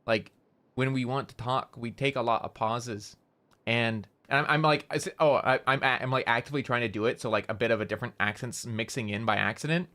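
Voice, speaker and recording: A chatty Canadian man streaming a game, talking loosely with many fillers and quick restarts. His voice is bright and forward, pitched in an ordinary middle range. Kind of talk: casual chat while gaming.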